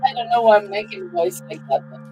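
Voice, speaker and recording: A woman's voice: on the high side, quick pace, warm tone, slight background noise. A woman hosting a live art stream, chatting casually and rambling cheerfully into a computer microphone.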